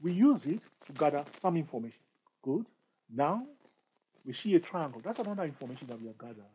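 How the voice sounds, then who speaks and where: Dark-voiced man explaining trading charts. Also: on the high side, sing-song, a little hiss or hum, low-quality recording. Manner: halting, explanatory, points at chart. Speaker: trading tutor. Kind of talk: screen-share chart tutorial.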